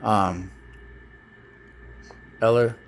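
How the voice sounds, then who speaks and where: A man recording a personal video message to his child, talking in an earnest, halting way and often repeating words as he searches for what to say. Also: lowish voice, steady tone, a little hiss or hum. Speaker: parent speaking to his child. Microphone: self-recorded video, facing the camera.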